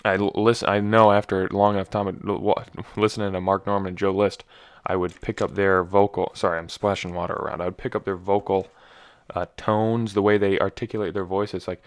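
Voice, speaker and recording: A man's voice: low-pitched, little pitch movement, fairly quick, smooth. A young man hosting a casual solo podcast, rambling and self-deprecating, his voice slightly scratchy. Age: young adult. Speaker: podcast host.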